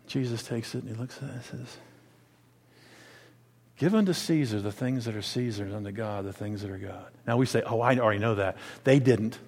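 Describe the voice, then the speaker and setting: A man preaching a sermon, swinging between quiet, low asides and loud, emphatic declarations. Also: a little fast, breathy edge, long reverb tail.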